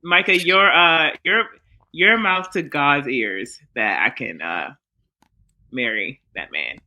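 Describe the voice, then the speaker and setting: A woman's voice: deep voice, animated, slow pace, pushed and bright. A woman co-hosting a podcast, chatting playfully and protesting the teasing with laughter. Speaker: podcast co-host. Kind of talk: casual chat.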